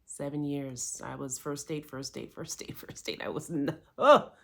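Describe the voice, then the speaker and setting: Low-voiced woman telling her story candidly. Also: normal speed, gravelly. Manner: candid, animated, lots of quoted self-talk. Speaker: life coach for women. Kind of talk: personal storytelling to camera.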